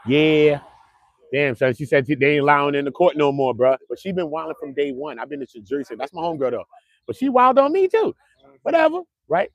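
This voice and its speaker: Guy hosting a live stream, loud slangy storyteller, slightly raised pitch, dry close sound. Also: a little fast, no room sound, dull audio. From Brooklyn, New York. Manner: boisterous, slangy storytelling with frequent laughs. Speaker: livestream host. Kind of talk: casual live-stream chat. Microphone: clip-on mic.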